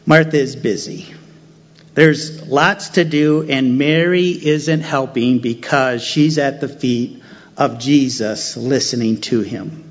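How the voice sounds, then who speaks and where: A man's voice: medium pitch, lo-fi sound. A man preaching a sermon, who repeats key phrases for emphasis. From United States.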